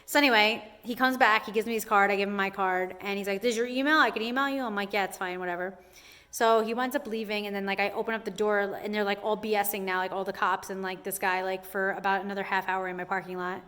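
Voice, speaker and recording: Young woman vlogger, conversational storytelling, lots of "like", lively. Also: medium pitch, fast talker. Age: young adult. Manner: chatty, says "like" constantly, animated retelling. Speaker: hair salon owner. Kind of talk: casual storytime to camera.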